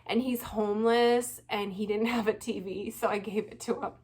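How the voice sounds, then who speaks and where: A woman vlogging her casual reaction commentary, animated and laughing often, with frequent swearing. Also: mid-range voice, moderate pace, slightly rough.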